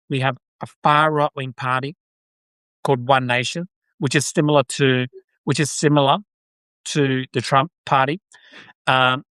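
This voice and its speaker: A man's voice: mid-range voice, bright, forceful tone, smooth, no room sound. Australian man ranting on a live stream. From Brisbane, Australia. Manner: talks off the cuff, repeats and restarts phrases, thanks viewers by name. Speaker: podcast host. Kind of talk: live-stream political commentary.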